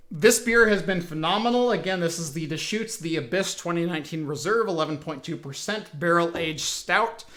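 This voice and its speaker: A man's voice: high voice, sharp tone. A man hosting a casual tech podcast from home, rambling with lots of fillers and restarts. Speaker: podcast host. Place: home, broadcasting remote.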